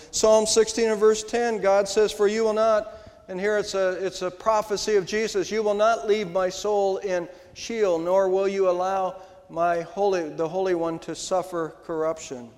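An older man, a pastor, preaching an Easter sermon in a church, with emphatic rises and slow, stressed words. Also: high-pitched, steady tone, darkish tone. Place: church sanctuary. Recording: long hall reverb.

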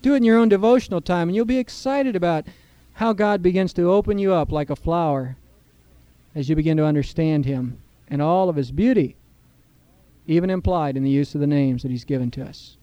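Middle-aged guy preaching in church, earnest, a bit high voice, dry close sound. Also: fairly quick, mellow, clean tone, dry recording. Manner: earnest preaching, rising emphasis. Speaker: pastor. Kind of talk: sermon.

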